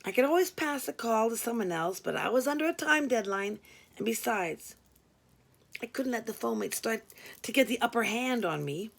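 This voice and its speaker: A woman narrates a first-person story with wry, expressive delivery. Her voice is gravelly with fry and pitched somewhat high. It suits a casual read-aloud. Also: normal speed. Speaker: audiobook reader.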